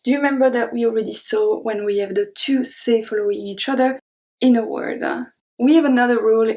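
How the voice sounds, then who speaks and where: A young woman with a French accent teaching French pronunciation, repeating each example word slowly and clearly. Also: fairly high pitch, darkish tone, rough recording. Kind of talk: pronunciation lesson.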